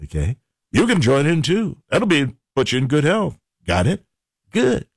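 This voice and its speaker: A man's voice: fairly high pitch, huge pitch swings, a little slow, gravelly, breathy edge, no echo, clean studio sound. Jokey rambling male radio host. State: hiccups. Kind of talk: casual radio show chat.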